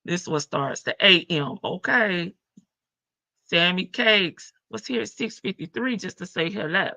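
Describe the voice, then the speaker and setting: A woman's voice: on the low side, measured pace, vocal fry, pushed and bright, no echo. A woman with a heavy morning voice, hosting a casual live stream from her front porch and greeting viewers by name.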